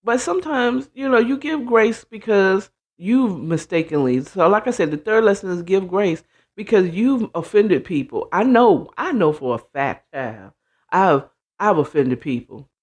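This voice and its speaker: A woman hosting a casual advice talk, animated and blunt, acting out quoted voices and sprinkling in "child" and "you know what I'm saying.". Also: medium pitch, a little slow. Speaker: host.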